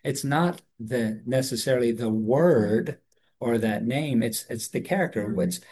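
Male co-host, earnest Bible-study talk, thoughtful, mid-pitched. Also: unhurried, a little mellow, slightly rough. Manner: earnest, thoughtful, with frequent restarts.

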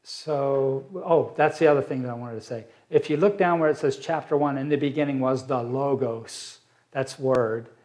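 A man teaching a Bible study, reading verses aloud and explaining them slowly with fillers. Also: mid-range voice, darkish tone.

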